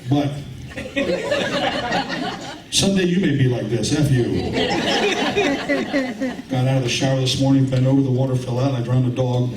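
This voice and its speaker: A man's voice: mid-range voice, moderate pace, long pauses, over a noisy crowd. A middle-aged man doing a rambling, crude, self-mocking stand-up comedy set in a club with a live audience. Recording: roomy, distant club recording with loud ambient noise.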